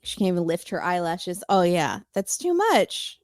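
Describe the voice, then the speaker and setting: A woman's voice: lowish voice, big pitch swings, normal speed, no room sound, clean studio sound. A woman podcast guest in casual chat, sarcastic and chatty, using lots of fillers.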